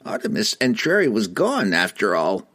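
A man voicing a small male halfling informant with a squeaky voice, wary and careful with every word, in an audiobook reading. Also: wildly swooping pitch, moderate pace, fairly bright tone, full character voice.

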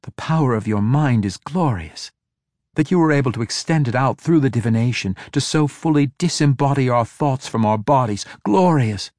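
A man's voice: medium pitch, normal speed, a little mellow, no echo, clean studio sound, natural voice. A man voicing a scheming, gleeful female elven priestess, speaking eagerly and exultantly in an audiobook.

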